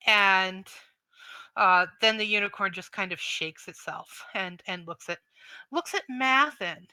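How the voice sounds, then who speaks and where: A woman narrating a tabletop game as game master, describing scenes in an unhurried way. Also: medium pitch, sharp tone, clear, resonant tone, no room sound.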